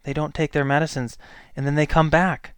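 A man's voice: fairly high pitch, flat delivery, fairly quick, smooth, no echo, clean studio sound. A healthcare provider, a man, speaking in a blunt, exasperated and emphatic monologue. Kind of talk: opinion monologue.

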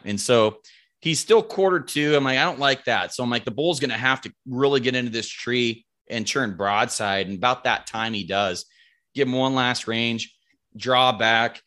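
A man guesting on a podcast, telling a hunting story in a casual, animated way, acting out what people said and swearing freely. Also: medium pitch, normal speed. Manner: animated, acts out quoted lines, swears casually. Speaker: podcast guest, bow hunter.

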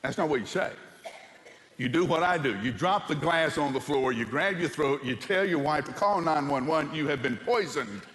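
A man's voice: fairly high pitch, lively intonation, moderate pace, fairly bright tone, big-room sound. A male pastor preaching a sermon, telling humorous stories and asking the congregation rhetorical questions.

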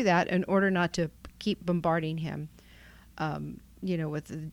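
Low-voiced middle-aged woman, candid and reflective. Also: steady tone, normal speed, gravelly. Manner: candid and reflective, with frequent ums and trailing phrases. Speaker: guest, wife. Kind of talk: reflective podcast interview.

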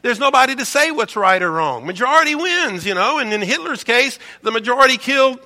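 A man's voice: very high voice, big pitch swings, a little fast, pushed and bright. A man preaching a sermon as a pastor, emphatic and preachy, repeating words and asking rhetorical questions. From United States.

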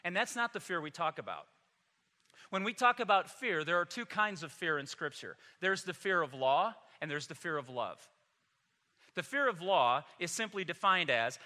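A man's voice: on the high side, animated, moderate pace, bright, forceful tone, long reverb tail. A man pastor delivering a Christmas Sunday sermon in a church, emphatic and telling humorous stories. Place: church sanctuary.

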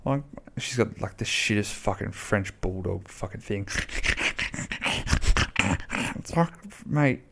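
A man's voice: lowish voice, animated, a little slow, vocal fry, very noisy. A man, chatting casually and bluntly on his own podcast, rambling and swearing freely. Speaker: podcast host. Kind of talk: casual solo podcast chat.

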